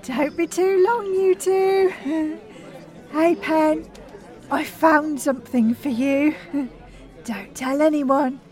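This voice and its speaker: A sneaky, giggling young woman, voiced by a man. She talks slowly in a very high, secretive voice. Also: fairly even intonation, darkish tone, soft background music, some chatter behind. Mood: playful. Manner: giggly, conspiratorial. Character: mischievous young woman companion, playful and sneaky.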